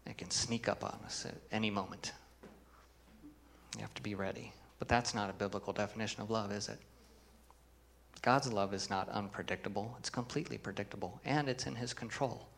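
A man's voice: fairly low pitch, fairly even intonation, fairly quick, gravelly, a bit bright. A man preaching a sermon as pastor, earnest, reading scripture with emphasis and putting questions to the congregation.

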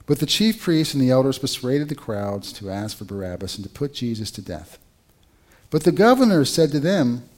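A male pastor preaching a sermon in an animated, conversational way, with rhetorical questions to the congregation. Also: medium pitch, normal speed.

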